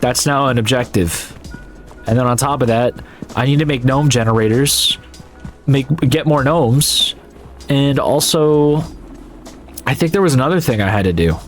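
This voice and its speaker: A man hosting a gaming video, chatting casually and jokingly as he plays, sometimes yelping loudly. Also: medium pitch, moderate pace, pauses often, soft background music. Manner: upbeat and jokey, bursts into loud yelps. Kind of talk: casual gameplay commentary.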